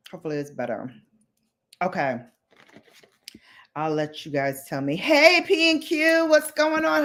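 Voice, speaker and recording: Lively woman hosting a live rant. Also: medium pitch. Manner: animated, slangy, laughs often, chats with viewers. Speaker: livestream host. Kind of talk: casual live chat and rant.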